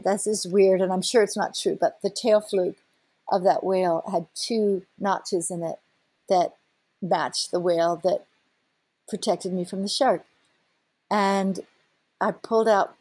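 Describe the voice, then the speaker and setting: A middle-aged woman, a whale researcher, telling an animated story, laughing often and acting out voices. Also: medium pitch, dry recording. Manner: lively, excited, laughs often, acts out quoted voices. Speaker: whale researcher and boat operator.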